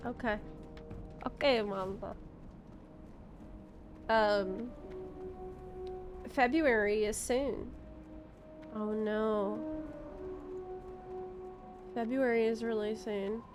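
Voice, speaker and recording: A woman's voice: fairly high pitch, steady tone, drawn-out words, long pauses, music in the background. A young adult woman streaming a game, chatting casually and musing aloud, easily delighted. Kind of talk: casual gaming stream chat.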